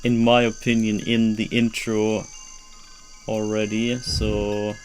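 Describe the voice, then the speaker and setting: A man's voice: fairly low pitch, level tone, takes it slowly, music in the background. A young man with a German accent, a native German speaker, giving casual, rambling gameplay commentary and swearing freely. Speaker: streamer.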